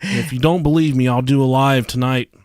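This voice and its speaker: A man's voice: medium pitch, brisk, darkish tone, dry recording. A young man with an Ohio accent co-hosting a podcast, joking crudely and cursing freely in casual banter. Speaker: podcast co-host. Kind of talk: casual chat.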